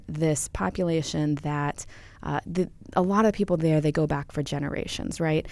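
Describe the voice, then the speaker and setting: A woman's voice: low-pitched, darkish tone, clear, resonant tone, no echo. A woman researcher answering interview questions, thoughtful and explanatory, with many ums and uhs. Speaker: linguistics researcher.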